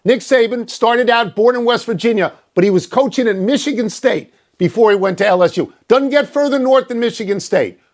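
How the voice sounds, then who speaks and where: A man's voice: very high voice, fairly quick, hardly any pauses. An older man co-hosting a sports talk show, arguing his points bluntly and emphatically, with a self-mocking streak. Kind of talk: sports debate.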